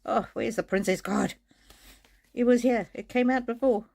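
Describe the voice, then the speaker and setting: Gentle woman giving a live card reading. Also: a little high, moderate pace, gravelly. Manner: gentle, reassuring, with frequent restarts. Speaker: oracle card reader. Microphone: streaming mic.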